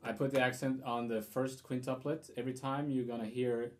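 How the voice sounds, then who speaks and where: A man's voice: medium pitch, flat delivery, brisk. A man giving a guitar lesson, explaining rhythm in a hesitant way with fillers and restarts. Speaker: guitar teacher.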